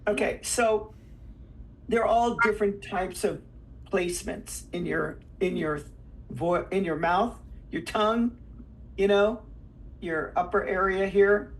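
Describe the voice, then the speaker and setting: A man who is a veteran voice actor, with a high tenor voice, giving rambling, playful advice. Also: slow pace, creaky, recorded from a distance, poor audio. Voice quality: self-described tenor, high voice. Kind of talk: casual advice chat.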